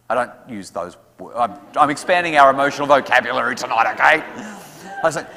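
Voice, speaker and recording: A man speaking to parents at an evening talk, lively and acting out what his kids say. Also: mid-range voice, moderate pace. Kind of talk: talk to an audience with questions. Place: school hall. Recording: hall reverb.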